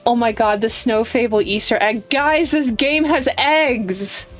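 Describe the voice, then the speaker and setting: Streamer con voz lenta y juguetona. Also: female voice, a little high, a little slow, faint music behind. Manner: playful and giggly, reads lines in character. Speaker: streamer playing a visual novel. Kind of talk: casual live-stream chat and reading game text aloud.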